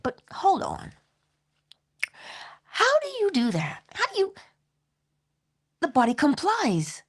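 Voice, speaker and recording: A middle-aged woman giving an inspirational spiritual talk, repeating phrases rhythmically and laughing often. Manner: animated, swoops high in pitch, laughs often. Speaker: inspirational speaker.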